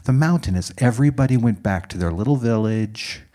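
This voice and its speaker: A man preaching a sermon as a dramatic story, dropping to hushed whispers and rising to loud exclaims. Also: medium pitch, expressive, brisk.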